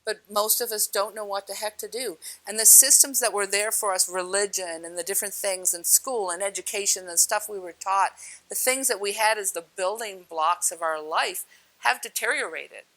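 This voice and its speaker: A woman with a medium-pitched, slightly bright voice gives a casual spiritual talk at a moderate pace. She's chatty, blunt and direct, swears offhandedly, and keeps asking her listeners questions.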